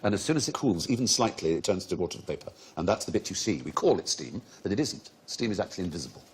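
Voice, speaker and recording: A man's voice: deep voice, quick pace. A middle-aged man hosting a comedy quiz show, explaining odd facts with relish and laughing often. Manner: lively, erudite, laughing often. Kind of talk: witty panel-show hosting.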